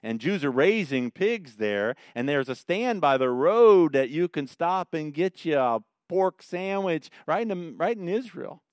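A pastor leads a Bible study in a folksy, joking style, slipping lively stories between the verses. His voice is fairly high and measured, with hardly any pauses, recorded cleanly in a studio with no room sound.

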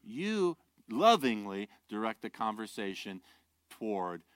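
A pastor preaching a sermon, earnest and direct, shifting from quiet, low asides to loud, emphatic declarations and rhetorical questions. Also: male voice, sing-song, measured pace, dry recording, studio quality. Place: church.

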